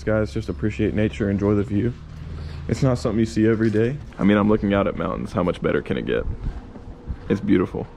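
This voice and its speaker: A man's voice: fairly low pitch, creaky, mellow. Man, travel vlogger, outdoor hiking trail, handheld camera, casual and joking, noisy recording. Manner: chatty, joking, addresses viewers as guys.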